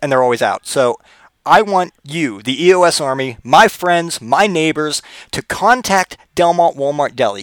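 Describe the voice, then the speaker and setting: A man's voice: a little high, moderate pace, no room sound. Crude, rambling man telling stories. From Pennsylvania, US. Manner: rambling, crude, animated with voiced quotes. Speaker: podcast host. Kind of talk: profane comedic storytelling.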